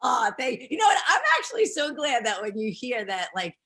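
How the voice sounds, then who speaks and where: A woman's voice: fairly high pitch, sing-song, brisk, bright, forceful tone. A woman being interviewed, chatting in a bubbly, rambling way and laughing often. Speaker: interview guest, pro wrestler. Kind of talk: casual interview chat.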